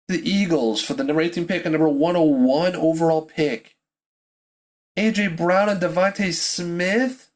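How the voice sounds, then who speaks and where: A man with a Pittsburgh accent hosting a podcast, reacting live to a football draft, swinging between disbelief and ranting while drinking beer. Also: a little high. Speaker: podcast host.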